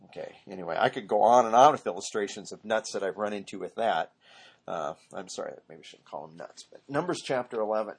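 Husky-voiced man rambling through Bible teaching. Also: fairly low pitch, a little fast. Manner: rambling and digressive, often correcting himself. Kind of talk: informal Bible study teaching.

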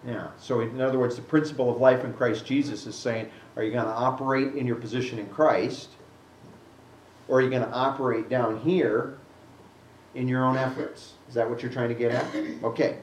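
A man preaching a Bible-teaching sermon and answering a question from the congregation, animated, acting out the scripture he quotes. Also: mid-range voice, normal speed, slight background noise. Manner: animated, acts out quotes with rising voice. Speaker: pastor. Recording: echoey room, mic at a distance.

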